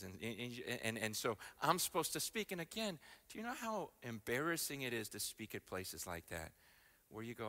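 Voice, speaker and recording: An American man telling a story in a sermon, animated, his voice climbing high and loud when he gets excited. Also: normal speed. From United States. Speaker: guest speaker.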